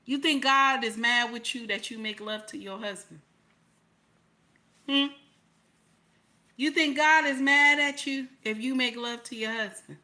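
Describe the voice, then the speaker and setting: A woman delivers preachy livestream commentary in a bright, forceful voice. She talks bluntly and colloquially, hammering her points home by repeating lines and asking rhetorical questions. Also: on the high side. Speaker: livestream host.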